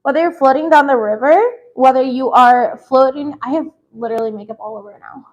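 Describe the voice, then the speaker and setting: A woman's voice: sits high, brisk, darkish tone, highs cut off. A woman chatting casually as she gives a tarot reading, peppered with "like" and "you know". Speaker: tarot reader.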